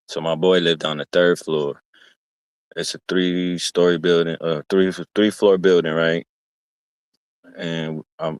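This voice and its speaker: Low-voiced man streamer, rambling and profane in casual storytelling, dry sound. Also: clear, resonant tone, no echo. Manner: slangy, profane, meandering with restarts.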